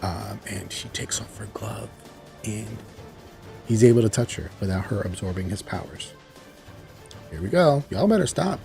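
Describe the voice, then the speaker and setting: A man casually recapping a cartoon episode, rambling with lots of fillers and excited exclamations. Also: lowish voice, moderate pace, creaky, long pauses, soft background music. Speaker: show reviewer.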